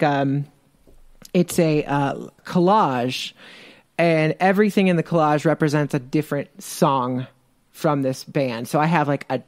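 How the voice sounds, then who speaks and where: A man's voice: fairly high pitch, no echo. An American man, a podcast guest, talking in a hesitant, rambling way with a teasing edge. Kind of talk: casual podcast conversation.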